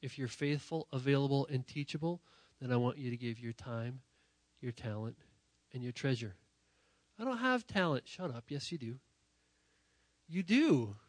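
A man preaching a sermon to young people in a church, talking while sick, emphatic and direct, often repeating phrases and swinging from loud to quiet. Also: mid-range voice, fairly even intonation, moderate pace, few pauses, dry recording. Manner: emphatic, rising to near-shouting then dropping quiet; repetitive, direct address to the audience. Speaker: youth pastor.

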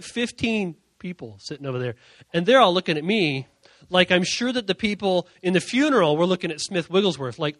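A young man preaches as a youth pastor in storytelling mode. His voice sits high and bright, and he swings between quiet asides and loud, excited bursts. The sound is close and dry. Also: fairly quick, dry recording. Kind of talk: sermon storytelling.

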